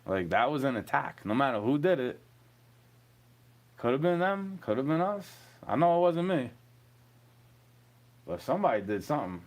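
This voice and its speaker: A man's voice: medium pitch, big pitch swings, normal speed, pauses often. Rambling profane man from New York. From New York City. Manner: profane, rambling, chuckling between rants. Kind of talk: rambling rant monologue.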